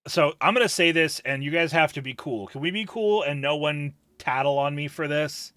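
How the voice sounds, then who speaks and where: Male streamer, emphatic profane rant, bright edgy tone, slightly high voice. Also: moderate pace, no room sound, clean studio sound. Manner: emphatic, profane ranting, yells at times; reads chat messages aloud. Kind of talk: casual live-stream chat.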